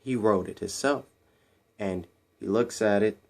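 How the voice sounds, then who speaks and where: A man casually retelling a film scene by scene, rambling and repeating himself, and jumping into higher voices when he quotes the characters. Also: measured pace, gravelly, a little mellow. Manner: rambling and repetitive, acting out quotes in raised voices. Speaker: movie recap vlogger.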